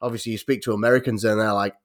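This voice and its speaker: A man's voice: lowish voice, fairly even intonation, racing. A man with a North Yorkshire accent in casual podcast chat, rambling with lots of restarts and fillers. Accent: North Yorkshire English. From North Yorkshire, England.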